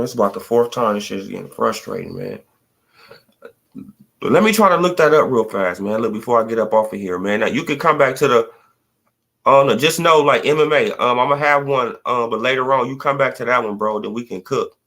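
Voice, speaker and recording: A man's voice: medium pitch, brisk, a bit bright. Slangy, rambling male livestream host. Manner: slangy, profane, rambling talk with lots of "bro" and "man". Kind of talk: casual livestream commentary on boxing.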